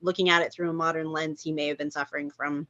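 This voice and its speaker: A chatty woman talking over a video call, with a lower voice that comes across bright and forceful. She fills her talk with fillers and lively asides. The audio is dry and dull, like lo-fi call sound. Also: fast, no echo. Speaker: cast member of an online table-read group. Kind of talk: casual chat.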